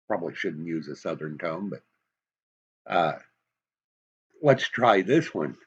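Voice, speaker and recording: Slow, animated man from Massachusetts. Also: lowish voice, husky, dull audio. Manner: emphatic, folksy, asks rhetorical questions. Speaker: commentary vlogger. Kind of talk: opinion monologue to camera.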